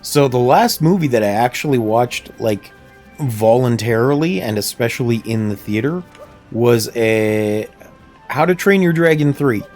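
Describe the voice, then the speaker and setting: A man talking casually on a livestream while he plays a game. His voice sits at an average pitch, and he rambles in a chatty, easygoing way with a laugh now and then. He is close on a desk mic at home, with faint game music underneath. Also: lively intonation, a little slow, a little mellow. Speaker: streamer. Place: home room near plumbing. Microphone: desk microphone.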